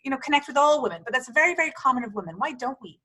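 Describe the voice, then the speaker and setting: Bright-voiced encouraging woman podcast host. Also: sits high, lively intonation, very fast. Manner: encouraging, affirming interviewer. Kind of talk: casual podcast conversation.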